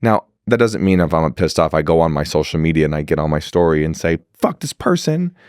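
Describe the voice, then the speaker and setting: A man speaking as a podcast guest in casual conversation, animated and blunt, swearing freely and acting out quoted dialogue. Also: a bass voice, fast talker, smooth, dry recording, clean studio sound. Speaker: podcast guest, leadership mentor.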